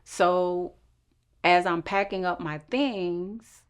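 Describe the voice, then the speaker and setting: A woman's voice: fairly even intonation, extremely slow, clean tone. A woman telling a personal story, acting out the quoted voices of the people in it. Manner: acts out quoted voices with shifts in pitch.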